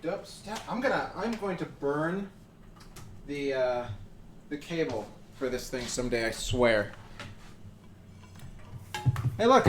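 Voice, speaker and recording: A man whose voice is a little high with a darkish tone runs a live baking stream from his home kitchen, with slight background noise. His chat while cooking is casual and playful, full of talking to himself and humming little tunes.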